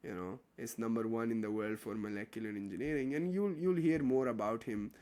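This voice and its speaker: A man's voice: fairly low pitch, a little fast, darkish tone. A young man, teaching an online chemistry class in a casual, joking way and answering student questions. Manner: chatty, joking, reads out chat questions. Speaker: chemistry tutor.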